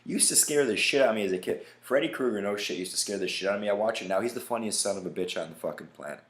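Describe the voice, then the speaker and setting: A man's voice: on the low side, very fast. A man hosting a casual solo podcast, ranting emphatically with lots of swearing and constantly asking "right?". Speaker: podcast host. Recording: echoey room.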